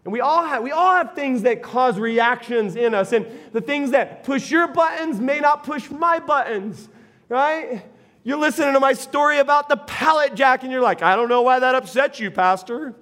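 Male pastor, middle-aged, very high voice, chatty sermon, asks the crowd questions, sudden shouts. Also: moderate pace. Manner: animated, conversational, asks the congregation questions, bursts into shouts. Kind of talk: sermon with personal story.

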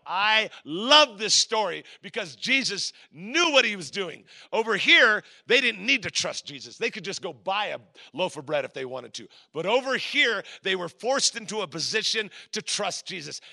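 With a high-sitting, creaky voice, a middle-aged Southern California man preaches as a guest, recounting a personal story and animating its characters with lively voices.

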